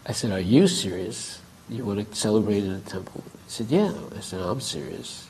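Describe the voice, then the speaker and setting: A man's voice: fairly low pitch, expressive, moderate pace, warm tone, a little hiss or hum, poor audio. A man giving a class at a temple, telling a story conversationally and acting out both sides of a dialogue. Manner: conversational, acts out quoted dialogue. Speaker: temple speaker.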